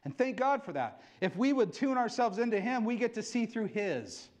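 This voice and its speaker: A middle-aged male pastor giving an excitable sermon, acting out quotes as he preaches. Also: sits high, moderate pace.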